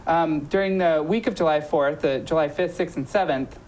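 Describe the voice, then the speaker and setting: Chatty low-voiced woman host. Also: normal speed, a little mellow, rough recording. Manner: chatty, many ums and self-corrections. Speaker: talk show host. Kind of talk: casual promotional chat.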